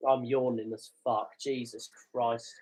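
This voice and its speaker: A man's voice: mid-range voice, little pitch movement, a little slow, darkish tone, husky. A man hosting a casual football reaction, chatty, self-mocking and sweary. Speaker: football channel host. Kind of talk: casual match reaction commentary.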